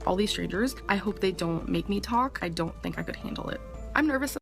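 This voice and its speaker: Fast-talking nervous woman vlogger. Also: mid-range voice, lively intonation, gravelly, soft background music. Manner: nervous, anxious, self-pitying. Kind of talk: vlog diary.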